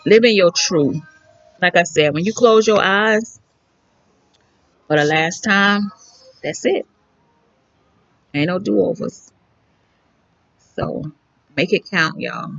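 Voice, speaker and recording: Gravelly, rambling woman vlogger. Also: lowish voice, takes it slowly, long pauses, no echo, muffled recording. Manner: rambling, candid and slangy. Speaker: beauty vlogger. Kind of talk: casual chat. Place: outdoors by a pool.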